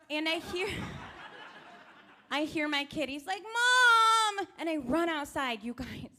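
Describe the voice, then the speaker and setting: A woman in her thirties doing a stand-up comedy set on a live stage, animated and playing her child's lines in a higher voice.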